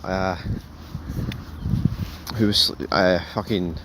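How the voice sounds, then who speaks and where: A man hosting a casual TV review, rambling and animated, swearing freely and calling viewers folks. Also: low-pitched, very slow, noisy background. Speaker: show host, TV reviewer.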